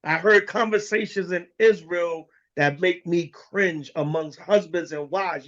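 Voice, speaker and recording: High-pitched guy preaching real blunt, cussing and slangy, muffled lo-fi sound. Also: unhurried, few pauses, a bit bright. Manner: blunt and profane, with street slang. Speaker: elder teaching a congregation. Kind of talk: preaching lesson.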